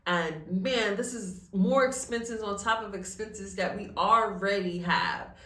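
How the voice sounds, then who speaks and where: A woman's voice: medium pitch, slow pace, a bit bright, recorded from a distance. A woman speaking in an earnest, heartfelt vlog, her voice near to breaking with tears as she talks about faith. She sits a little way from the microphone, and her voice rings in a roomy, echoing space. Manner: tearful, earnest and faith-filled. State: close to tears. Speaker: vlogger. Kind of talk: emotional personal vlog.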